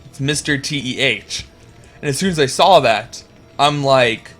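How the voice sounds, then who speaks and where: A young man casting a video game match, rambling and chatty, getting excited at big plays. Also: on the high side, moderate pace, faint music behind. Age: young adult. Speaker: game caster. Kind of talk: casual esports commentary.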